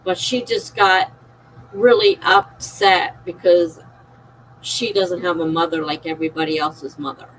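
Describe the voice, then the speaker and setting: A woman's voice: lowish voice, fairly even intonation, unhurried, a little hiss or hum, low-quality recording. A middle-aged woman streaming a personal, emotional monologue, confiding and circling back on herself as she talks. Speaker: live streamer.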